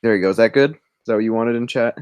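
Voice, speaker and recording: A man's voice: mid-range voice, very fast, a little mellow, clear, resonant tone, dry recording. Young man rambling through a story. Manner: rambling, self-interrupting, laughs while telling a story. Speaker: livestream co-host drawing. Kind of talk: casual storytelling.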